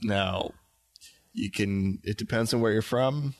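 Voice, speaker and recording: A man's voice: on the low side, slow pace. A man from Canada co-hosting a podcast in casual chat, talking in a hesitant, thoughtful way with many fillers. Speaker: podcast co-host.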